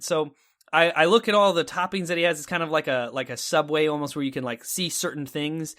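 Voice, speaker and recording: A man's voice: a little high, fairly even intonation, a little fast, fairly bright tone. A man from Texas co-hosting a casual talk show, telling a story animatedly and acting out his own reactions. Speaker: podcast co-host.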